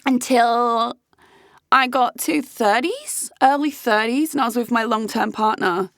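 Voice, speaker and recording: A woman's voice: on the high side, measured pace, fairly bright tone, dry recording, clean studio sound. A woman, talking frankly and casually to her viewers and swearing freely. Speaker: host. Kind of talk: candid casual chat.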